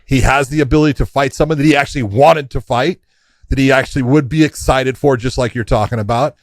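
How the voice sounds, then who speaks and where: A man's voice: medium pitch, quick pace, no echo. A man co-hosting a casual podcast, blunt and emphatic, swearing casually. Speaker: co-host.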